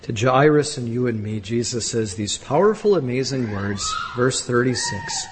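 A man preaching a sermon as a pastor, emphatic and rising to loud exclamations. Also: medium pitch, wildly swooping pitch, normal speed, background noise. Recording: echoey hall from a distance.

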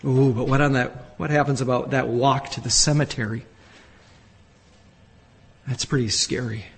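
A man preaching a sermon as a pastor, emphatic and rising to loud exclamations. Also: mid-range voice, fairly even intonation, moderate pace, gravelly, slightly rough. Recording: echoey hall from a distance.

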